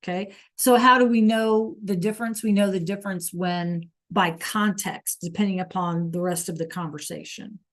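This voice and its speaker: A woman's voice: fairly low pitch, fairly even intonation, moderate pace, hardly any pauses. A woman teaching an online Spanish class over a video call, encouraging students to answer in the chat.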